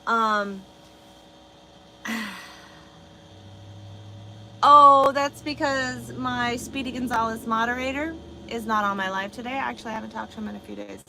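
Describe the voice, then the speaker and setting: A woman's voice: fairly high pitch, vocal fry, sharp tone, slight background noise, low-quality recording. A woman truck driver on a casual livestream, answering her chat bluntly and swearing freely. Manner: blunt, swears a lot, talks back to chat.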